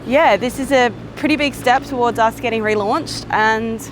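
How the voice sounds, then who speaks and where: A chatty young woman talks to her camera outdoors. Her voice sits a little high and she fills gaps with ums. Clear background noise runs under her. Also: normal speed. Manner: chatty, upbeat, with filler ums. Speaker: sailing vlog host. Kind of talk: casual vlog narration to camera. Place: outdoors in a boatyard.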